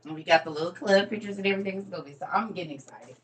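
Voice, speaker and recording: A woman's voice: on the low side, very fast, low-quality recording. A middle-aged woman, chatting casually with viewers on a morning livestream from home, calling them y'all. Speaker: livestream host. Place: home room.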